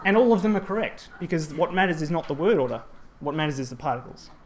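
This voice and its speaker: His voice is a little high, animated, and quick as he presents at a language teaching symposium. The man explains grammar in a conference talk, often hesitating with "um" and correcting himself.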